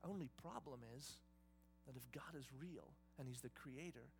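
A man preaching a sermon, retelling a story in a lively, conversational, dramatic way. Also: medium pitch, moderate pace, vocal fry, soft background music. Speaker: pastor.

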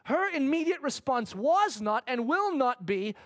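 A pastor from Africa preaching a sermon, telling a story animatedly and acting out its dialogue. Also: male voice, very high-pitched, very animated, unhurried, few pauses, a bit bright.

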